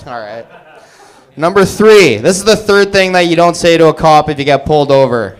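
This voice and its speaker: A stand-up comedian with a slightly high, expressive male voice delivers one-liners at a moderate pace. He chuckles at his own jokes.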